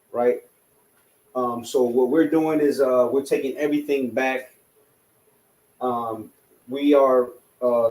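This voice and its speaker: A man's voice: mid-range voice, darkish tone, roomy sound, low-quality recording. A man teaching a language class in a loose, rambling lecture, full of fillers and tag questions. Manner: rambling, many fillers and rhetorical "right?".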